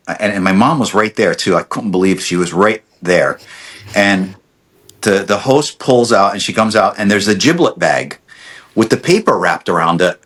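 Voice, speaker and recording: Lowish-voiced man telling a lively story. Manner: animated storyteller, acts out quotes, many restarts. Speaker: podcast guest, dentist. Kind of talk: casual storytelling chat.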